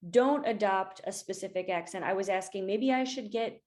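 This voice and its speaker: A woman's voice: medium pitch, normal speed, a little mellow. Woman, interview host, enthusiastic, encouraging, casual questions.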